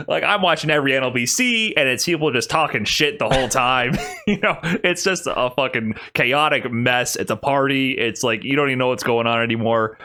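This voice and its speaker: A man hosting a casual interview, animated and laughing often as he talks. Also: mid-range voice, fairly quick. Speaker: podcast host.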